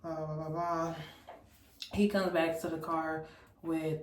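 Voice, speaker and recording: A woman from Memphis telling a storytime in an animated, incredulous, chatty way. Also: sits low, slow, roomy sound, recorded from a distance, slight background noise, rough recording. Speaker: vlogger. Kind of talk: storytime vlog.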